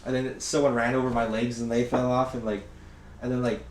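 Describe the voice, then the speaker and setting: A man's voice: mid-range voice, flat delivery, brisk. Rambling profane young man in echoey room. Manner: rambling, profane, acts out quotes loudly. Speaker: podcast host. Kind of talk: casual storytelling chat. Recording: echoey room with faint noise.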